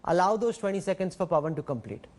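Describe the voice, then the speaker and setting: A man with an Indian accent, a news anchor moderating a TV news debate and putting probing, measured questions to his panel. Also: high voice, animated, a little mellow.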